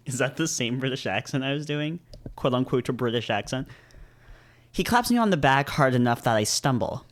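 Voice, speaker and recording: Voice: medium pitch, animated, moderate pace. Rambling visual novel let's-player. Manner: rambling, hesitant, frequent fillers and self-interruptions. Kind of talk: casual let's-play reading and commentary.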